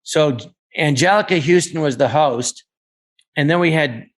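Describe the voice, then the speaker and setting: A man's voice: fairly high pitch, measured pace. Man telling showbiz stories. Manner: anecdotal, acts out quoted voices. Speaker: guest comedian. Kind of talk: casual storytelling chat.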